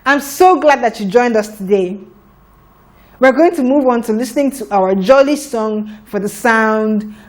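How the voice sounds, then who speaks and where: A woman teaching a children's phonics lesson, sounding out letters slowly and deliberately. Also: on the high side, expressive.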